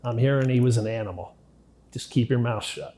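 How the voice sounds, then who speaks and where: A middle-aged man, interviewed as a guest, tells his life story plainly and bluntly in a brisk, mid-range voice. He swears casually, and when the memories turn grim his voice sinks almost to a murmur.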